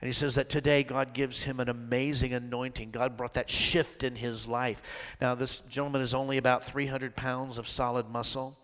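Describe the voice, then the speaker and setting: A male pastor delivers a sermon with a bright, forceful tone. He drops low and quiet, then swells to loud, ringing peaks. His voice trails off into the long reverb of a church sanctuary. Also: flat delivery, moderate pace. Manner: storytelling preacher, swells from soft to shouting.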